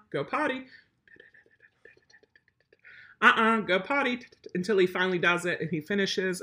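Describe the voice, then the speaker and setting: A woman's voice: mid-range voice, sharp tone, breathy edge. A woman service dog trainer giving blunt, emphatic advice while answering viewer questions live. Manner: blunt, emphatic, matter-of-fact.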